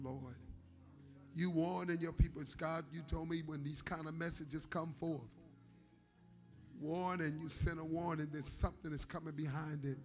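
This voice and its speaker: A man's voice: fairly high pitch, a little mellow. A man, preaching and leading an altar-call prayer with fervent, pleading repetition. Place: church service with music behind.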